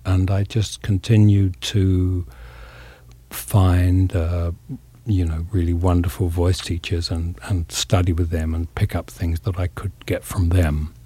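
An older English actor talking reflectively in an interview, pausing often with fillers. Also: male voice, sits low, flat delivery, dark tone, breathy edge, dry recording. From England. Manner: thoughtful, pausing, many fillers.

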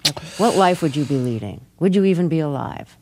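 A woman hosting a radio interview, asking gentle, probing questions and reading a closing announcement. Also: low-pitched, lively intonation, a little fast, background noise.

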